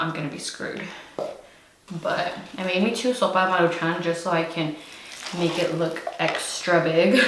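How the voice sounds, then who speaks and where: A woman's voice: fairly low pitch, reverberant, noisy background. A young woman from California, pregnant and out of breath, chatting casually to camera while eating noodles. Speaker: YouTube host. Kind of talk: casual mukbang chat.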